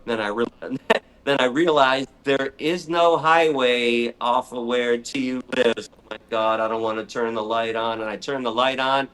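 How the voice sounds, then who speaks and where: A middle-aged man telling a story in conversation, animated and excitable. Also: mid-range voice, a little slow. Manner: animated, excitable storyteller who acts out his own shrieks. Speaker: animal rights speaker, guest.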